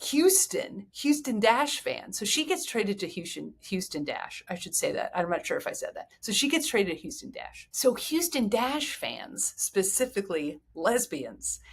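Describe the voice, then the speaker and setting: Woman podcaster chatting casually, candid, rambles a bit, mid pitch. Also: a bit bright. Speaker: podcast host. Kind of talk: casual chat.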